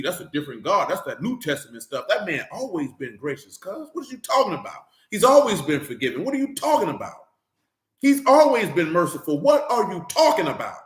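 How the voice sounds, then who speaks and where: A man's voice: high voice, echoey room. A man preaching an informal Bible teaching, fiery and slangy, hammering his points with repeated rhetorical questions.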